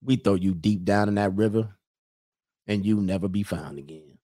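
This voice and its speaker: A man voicing a menacing older male sheriff with a slow, low Mississippi drawl. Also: warm tone, natural voice. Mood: threatening.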